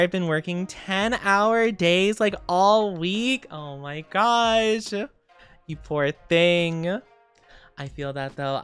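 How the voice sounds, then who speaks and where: Woman, young adult, sleepy streamer, casual chat, clear smooth tone, faint music behind. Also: on the low side. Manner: chatty, warmly greets and reads chat. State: tired, low on sleep. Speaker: VTuber streamer.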